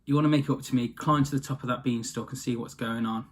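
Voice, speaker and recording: A man's voice: medium pitch, steady tone, quick pace, a little hiss or hum, lightly acted. A man voicing an exasperated, broke father in a casually told storybook tale, with a blunt, nagging way of talking.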